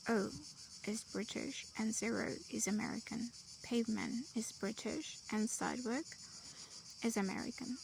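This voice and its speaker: Woman English tutor, unhurried, gravelly fry, light hiss behind. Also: fairly high pitch. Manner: slow, listing word pairs with pauses. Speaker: English teacher. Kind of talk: vocabulary lesson.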